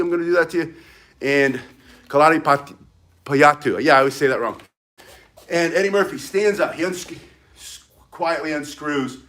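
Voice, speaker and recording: A martial arts instructor with a slightly high, somewhat bright voice teaches walking stick self-defense on a live stream. He talks in a loose, rambling, chatty way and greets viewers between moves.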